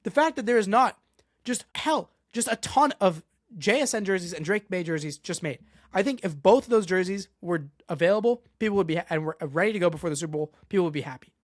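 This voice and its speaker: A man's voice: high voice, animated, quick pace, no room sound, studio quality. A young man hosting a solo sports podcast, ranting with exasperation and going off on tangents. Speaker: podcast host.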